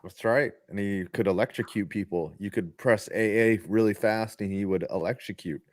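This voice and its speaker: A man co-hosting a casual sports podcast, talking haltingly with many restarts. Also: lowish voice, no echo. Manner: halting, repeats words, gloomy jokes. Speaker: podcast co-host.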